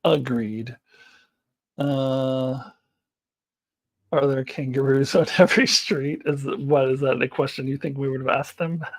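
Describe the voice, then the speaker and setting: Reading and answering comments, a middle-aged live-stream host from the United States talks casually in a bass voice. She keeps a steady tone and measured pace, with long pauses, while rambling, giggling a lot, and drifting off into fillers.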